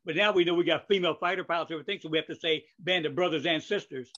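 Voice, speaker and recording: A man's voice: a little high, rapid-fire, bright, forceful tone. An older man hosting a podcast interview in casual chat, rambling with many fillers, restarts and asides. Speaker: podcast host. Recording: dull lo-fi audio.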